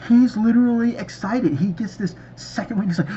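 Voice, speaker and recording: A man's voice: sits high, fairly quick, hardly any pauses, warm tone, breathy edge. A man reviewing a TV episode in casual video chat, enthusiastic and rambling, recorded on a dull lo-fi mic. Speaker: movie reviewer.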